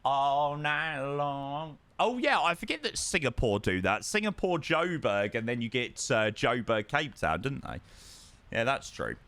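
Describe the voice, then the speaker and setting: A man's voice: mid-range voice, big pitch swings, normal speed, a bit bright, no echo. A young man streaming a flight sim, chatting casually and answering his viewers from a home setup. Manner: chatty, greets viewers, reads and answers chat. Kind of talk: casual live-stream chat.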